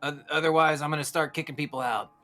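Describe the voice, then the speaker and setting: A bossy ship captain barking orders over a little intercom, as a man running the game puts him on. The voice is pitched well up and sounds radioed and distant, with faint music behind it. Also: fairly even intonation, fast talker, sharp tone. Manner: gruff, ordering people about.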